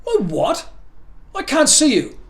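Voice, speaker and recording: Guy putting on a squeaky confused snowman, high yelping voice, storybook read-aloud. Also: huge pitch swings, takes it slowly, fairly bright tone, full character voice. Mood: bewildered. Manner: high blurting yelps. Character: innocent, bewildered snowman, newly awake.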